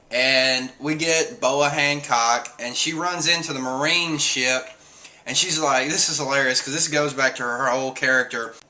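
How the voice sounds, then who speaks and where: Animated bright-voiced man recapping a comic. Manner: animated, laughs often, acts out lines in high squeaky voices. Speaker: manga chapter reviewer. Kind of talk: casual recap of a comic chapter.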